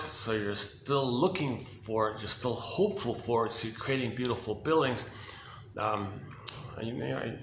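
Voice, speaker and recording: A man talks his thoughts through in a loose, rambling monologue, circling back and restarting his sentences. His voice sits at a middle pitch and bounces around an echoey indoor space, with faint ambient hum behind it. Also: fairly bright tone. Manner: rambling, repetitive, full of restarts and asides. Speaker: self-help commentator. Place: indoor building with hallway and rooms.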